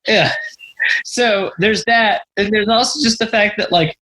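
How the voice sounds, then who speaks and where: A man co-hosting a podcast, talking casually and jokingly about a fantasy book, rambling with frequent fillers and quick impressions. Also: high-pitched, bright, forceful tone, poor audio. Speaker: podcast co-host.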